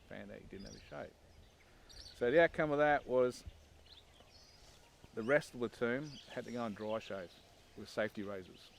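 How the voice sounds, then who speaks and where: A man's voice: fairly low pitch, vocal fry, slight background noise. A man, recalling his army training in a casual, wry documentary interview, with frequent "um"s and "and"s. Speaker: former army recruit, interviewee. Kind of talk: documentary interview, anecdotal recollection.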